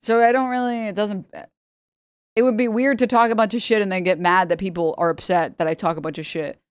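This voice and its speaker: A woman's voice: mid-range voice, fairly even intonation, a little fast, smooth, no echo, clean studio sound. Sarcastic rambling woman streamer. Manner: rambling, sarcastic, laughs often, mocking voices. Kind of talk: casual commentary stream.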